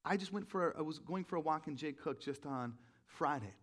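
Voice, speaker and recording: A man preaching a sermon in a relaxed, storytelling way, with many "like"s and restarts, poking fun at himself. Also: on the high side, brisk. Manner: conversational, self-deprecating storytelling with many fillers. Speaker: pastor.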